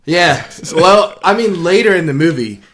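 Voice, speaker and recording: Joking young man, lively pitch. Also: normal speed. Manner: crude, joking, laughs often. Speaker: podcast co-host. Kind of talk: casual chat over beers.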